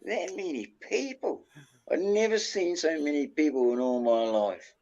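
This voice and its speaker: Slow-talking New Zealand man, rambling. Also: on the high side, darkish tone. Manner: rambling, peppers speech with "bloody". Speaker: panel guest. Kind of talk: casual storytelling. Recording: dull lo-fi audio.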